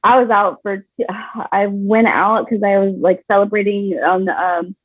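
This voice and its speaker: A woman's voice: mid-range voice, little pitch movement, normal speed, dry recording. A woman in her thirties hosting a podcast, chatting casually and laughing easily with her guest. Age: 30s. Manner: laughs often, easygoing. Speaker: podcast host. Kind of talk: casual chat interview. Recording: tinny phone-line sound, dry.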